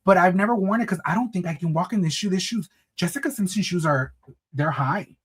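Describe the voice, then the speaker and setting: A man's voice: high-pitched, fast talker, breathy edge. A man hosting a casual livestream, chatting with viewers in a sassy, campy way, calling them honey and girl and slipping into Spanish phrases. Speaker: livestream host.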